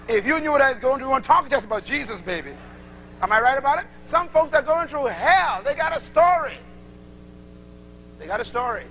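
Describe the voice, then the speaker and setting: With a very high voice, a Bahamian man gives an animated sermon, voicing short exchanges to illustrate his teaching. The recording is low quality, with a faint hiss or hum.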